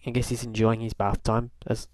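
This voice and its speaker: A man's voice: fairly low pitch, flat delivery, a little fast, darkish tone, no room sound. A young man from Canada telling a rambling, wry diary-style story, full of fillers and restarts. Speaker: video blogger. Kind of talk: casual rambling diary talk.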